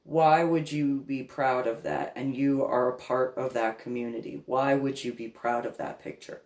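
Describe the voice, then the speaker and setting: A woman reverend talks through a personal story in a casual monologue. She is animated and stacks up repeated words for emphasis. Her voice carries a roomy echo from the space around her. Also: a bass voice, normal speed.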